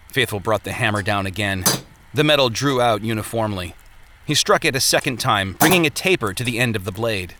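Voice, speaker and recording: Bright-voiced male audiobook narrator. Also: on the low side, slight background noise. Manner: measured, descriptive.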